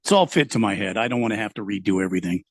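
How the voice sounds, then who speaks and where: A man's voice: fairly low pitch, expressive, rapid-fire, no echo. Dry, teasing male co-host. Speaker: radio co-host. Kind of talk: casual radio banter.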